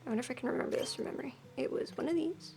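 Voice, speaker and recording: A woman's voice: high voice, very fast, gravelly, mellow, faint music behind. A woman streaming a game, making playful, giggly asides, often half-whispered. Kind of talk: let's-play commentary.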